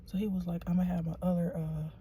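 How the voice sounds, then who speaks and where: A woman tells a rambling story to her viewers from her car, dropping to a hush and then rising to loud, excited disbelief. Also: on the low side. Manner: excitable, rambling, quick to swing between hushed and loud. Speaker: vlogger. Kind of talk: casual storytelling to camera. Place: in a car at a shop, then parked.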